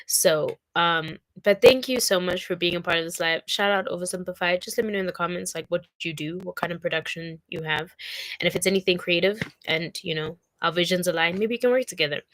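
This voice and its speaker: A woman's voice: on the low side, fairly quick, a bit bright, no room sound. A young woman with a South African accent, talking to camera in an emotional, rambling way and crying at times. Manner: heartfelt, tearful, rambling with fillers. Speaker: vlogger. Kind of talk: emotional casual talk to camera.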